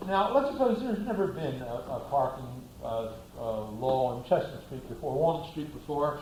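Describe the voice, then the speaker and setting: A man's voice: medium pitch, expressive, normal speed, darkish tone, echoey room, a little hiss or hum, rough recording. A man giving a classroom lecture, asking the class rhetorical questions and acting out little scenes.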